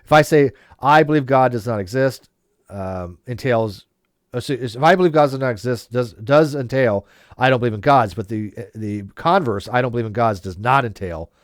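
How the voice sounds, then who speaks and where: Casual man explaining logic, mid pitch, dry close sound, stops and restarts a lot. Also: moderate pace, no echo. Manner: explains at length with frequent restarts and "right?" checks. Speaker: debate host. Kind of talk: casual discussion.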